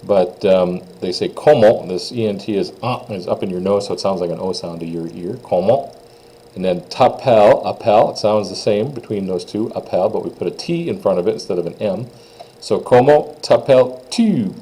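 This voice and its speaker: Brisk and warm, though slightly rough, a low male voice comes across on a rough recording. The Minnesotan teacher in this recorded classroom lesson takes beginners through French phrases with patience and plain speech, modeling how to say them in a louder voice.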